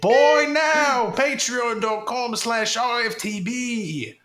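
A man putting on a brash young wizard who lives in a cramped cupboard under the stairs, shouting out a mock advert. His put-on British accent keeps drifting into Australian, and the sound is bright and ringing. The room adds a roomy echo. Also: very high-pitched, slow pace, voice pushed up, exaggerated voice. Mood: hammy. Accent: put-on British slipping to Australian. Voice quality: exaggerated, wavering put-on accent. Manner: loud, hammy mock advert delivery.

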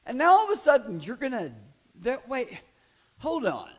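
A man preaching a sermon in a conversational way, building to loud, emphatic passages and acting out quoted voices. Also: extremely high pitch, wildly swooping pitch, moderate pace. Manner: acts out quoted voices in asides. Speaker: pastor.

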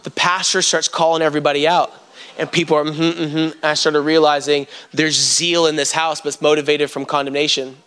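A man's voice: a little high, flat delivery, a little fast, bright, forceful tone, clean tone. A man preaching a sermon, telling stories and talking straight to the congregation. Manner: storytelling, addresses the congregation directly.

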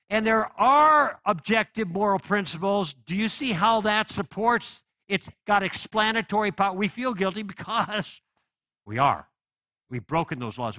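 A middle-aged man lectures on faith and reason with a bright, pressing voice, asking the room rhetorical questions as he builds his case. His pitch sits a little high for a man, and the sound is dry and close. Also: no echo. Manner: conversational and persuasive, with rhetorical questions. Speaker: Christian apologetics speaker. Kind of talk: live apologetics lecture.

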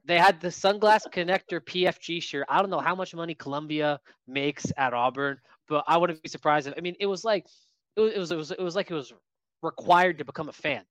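A man co-hosting a casual sports podcast, telling lively stories about what he saw at a game. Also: on the high side, a little fast, no room sound. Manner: lively anecdotal storyteller. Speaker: podcast co-host.

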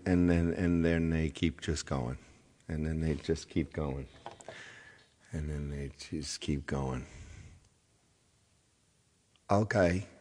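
Warm and low, the voice belongs to a middle-aged man who hosts and sings on a casual livestream. He talks with viewers, scolds them with mock sternness, and restarts a lot.

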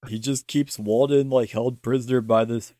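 A man's voice: medium pitch, steady tone, normal speed, mellow, no echo. A man co-hosting a podcast, chatting casually and enthusiastically about a TV episode, swearing freely and laughing often. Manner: laid-back, profane, enthusiastic, often laughing. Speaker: podcast co-host. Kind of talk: casual chat recapping a TV episode.

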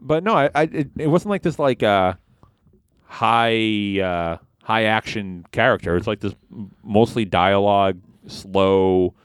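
A man's voice: fairly low pitch, a little slow, clean tone, no echo, clean studio sound. A man co-hosting a podcast in casual chat, swearing and laughing often. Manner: animated, swearing, laughing, doing loud impressions. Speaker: podcast co-host.

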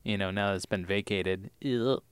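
A man's voice: medium pitch, measured pace, dry recording. A man co-hosting a podcast, chatting casually as he recaps TV episodes, laughing often and acting out lines. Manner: animated, laughs often, acts out characters' lines. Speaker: podcast co-host.

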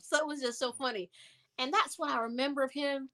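Bright, animated woman telling a story. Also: high voice, brisk. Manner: animated, acts out quoted voices. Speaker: interview guest. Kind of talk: casual storytelling.

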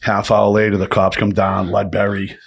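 A man telling rough prison stories in a casual, profane, animated way, acting out the voices. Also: fairly low pitch, normal speed. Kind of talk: casual storytelling chat.

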